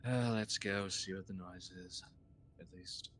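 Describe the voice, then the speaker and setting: A man's voice: low voice, fairly even intonation, unhurried, a bit bright, a little hiss or hum. A man playing his character in a tabletop game, blunt and profane. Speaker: player. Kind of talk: tabletop role-play in character.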